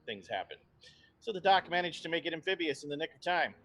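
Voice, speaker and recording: A man's voice: on the high side, sing-song, quick pace, a bit bright, lo-fi sound. A man directing a tabletop horror game, opening with a theatrical, spooky storyteller recap and then reading the show's plugs. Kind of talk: horror show host intro.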